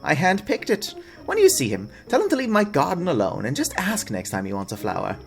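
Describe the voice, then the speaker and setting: A man voicing an excitable old woman gardener in a video game, talking in a high chirpy voice. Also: fairly quick, creaky, faint music behind, exaggerated voice. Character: cheerful old woman gardener, eager and fussy.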